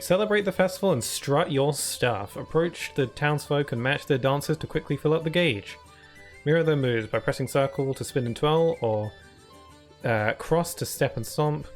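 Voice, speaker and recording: British male game streamer with a mid-range voice and an easy, chatty, laugh-prone delivery. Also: mid-range voice. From United Kingdom. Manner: chatty, laughs often, reads chat and on-screen text aloud. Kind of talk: casual gameplay chat.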